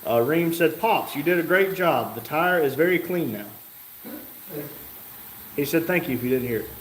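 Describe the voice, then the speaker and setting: A man's voice: on the high side, expressive, moderate pace. A man hosting a live stream from a garage workshop, reading chat comments aloud with casual, wry asides. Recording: echoey room with faint noise.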